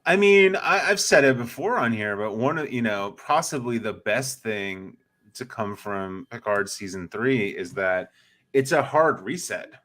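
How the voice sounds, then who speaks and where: A man's voice: mid-range voice, animated, measured pace, a bit bright. A man co-hosting a casual podcast chat, laid-back and blunt, swearing freely. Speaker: podcast co-host.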